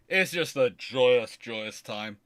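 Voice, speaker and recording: A man hosting a history livestream, chatting casually in an excitable, rambling way with frequent restarts. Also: mid-range voice.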